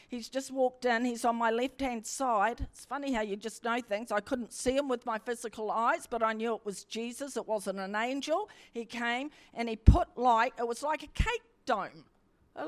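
A middle-aged woman preaches with fervent emphasis and circles back on her own phrases. Her voice sits a little higher than most women's. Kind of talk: sermon.

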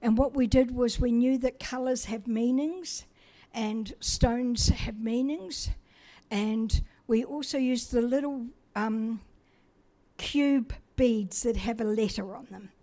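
A woman's voice: fairly high pitch, slow, warm tone. A middle-aged woman from New Zealand telling a personal testimony in a chatty, self-deprecating way, acting out the dialogue as she goes.

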